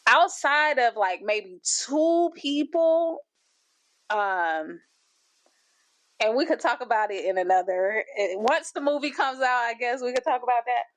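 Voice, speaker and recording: Here a woman's voice sits a little high and moves a little slowly, with no room sound. As host of a reaction video, she offers casual, chatty commentary packed with fillers and false starts.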